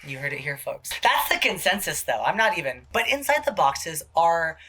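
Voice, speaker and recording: A man hosting a casual TV recap, gossipy and full of swearing, jumping into quick impressions. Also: fairly high pitch, sing-song, pushed and bright, breathy edge. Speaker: show host.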